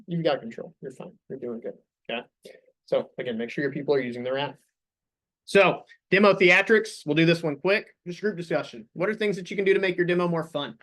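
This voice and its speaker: A man's voice: fairly high pitch, fairly quick, fairly bright tone. A young man leading a sales staff meeting, coaching the group with upbeat questions.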